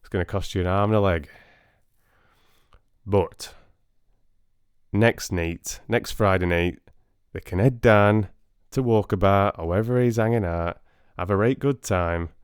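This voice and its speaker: A man's voice: lowish voice, a little slow, clean tone, no echo, studio quality, lightly acted. A man voicing a brash, cheeky Yorkshire storyteller in a put-on broad Yorkshire accent, rowdy and full of slang. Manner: rowdy, slangy, keeps asking "right?".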